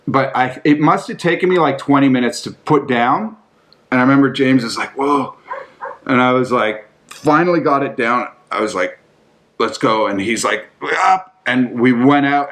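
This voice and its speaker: A man casually telling stories in a loose, rambling way, swearing often and filling his speech with "like" and "you know.". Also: mid-range voice. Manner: loose, profane, rambling with many fillers. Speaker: storyteller recounting skate trips. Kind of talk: casual storytelling.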